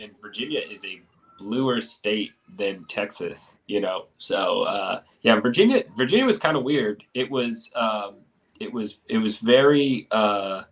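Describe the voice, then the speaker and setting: A man's voice: on the low side, fairly bright tone. A man co-hosting a casual chat, talking in a laid-back, rambling way with casual swearing.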